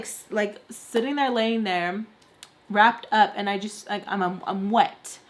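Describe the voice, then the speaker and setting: A woman's voice: mid-range voice, fairly even intonation, unhurried. A woman chatting casually as she tells a personal story, with lots of "like" fillers and acted-out quotes. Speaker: vlogger telling a story.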